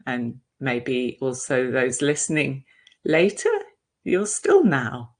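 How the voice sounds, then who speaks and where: A woman meditation teacher giving a dharma talk over a video call, gentle and reflective, with soft hesitations. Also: low voice.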